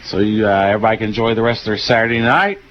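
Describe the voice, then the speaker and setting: A tired male radio announcer with a Southern twang, calling a football game play by play in a relaxed, folksy way with many fillers. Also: fairly low pitch, rapid-fire, a little hiss or hum. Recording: dull lo-fi radio broadcast.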